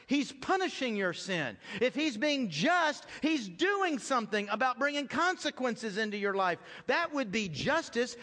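Middle-aged male preacher, high voice, emphatic then hushed, repeats phrases, questions the congregation, long church-hall reverb. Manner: swings between loud emphatic lines and hushed soft ones. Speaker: pastor. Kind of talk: sermon. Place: church sanctuary.

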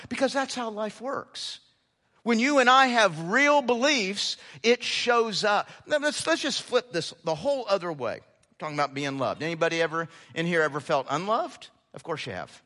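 A man preaching to a congregation in a big hall, his voice high and ringing bright. He drives his points home with repeated words and sudden lifts in pitch, and the room's long reverb trails every phrase. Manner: emphatic, repeats words and rises sharply on key lines. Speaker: pastor. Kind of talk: sermon.

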